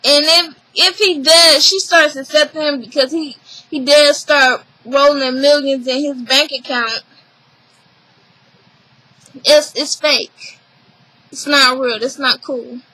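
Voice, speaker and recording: A young woman talks through a reality show episode in a casual vlog, high in pitch and unhurried. She acts out what others said with animated emphasis, and her voice is bright and close to the mic in a dry room. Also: dry recording, rough recording. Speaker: reality TV recapper.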